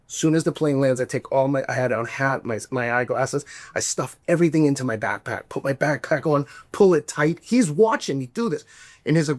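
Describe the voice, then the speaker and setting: A man hosting a podcast, telling a story in a casual, animated way, swearing and acting out the voices he quotes. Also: a little high, brisk, no echo. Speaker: podcast host.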